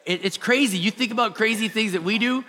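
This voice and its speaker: A man's voice: high voice, fast, pushed and bright, long reverb tail. A man preaching a sermon as pastor, telling stories and acting out the people he quotes. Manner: storytelling, acts out quoted people.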